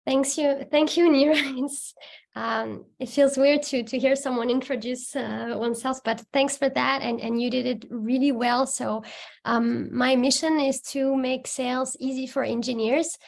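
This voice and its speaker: A woman's voice: high-pitched, fairly even intonation, a little slow, gravelly, a little mellow. A woman sales trainer beginning her talk at a book launch, hesitant with many fillers. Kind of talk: speech at online book launch.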